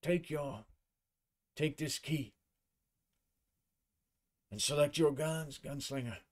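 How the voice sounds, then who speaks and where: A man's voice: fairly high pitch, slow, voice pushed up. A man voicing a beaten, slurring, prim instructor. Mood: battered, formal. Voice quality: prim voice slurred by a smashed face. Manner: smooth-talking and formal. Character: dapper, civil male combat instructor, badly beaten.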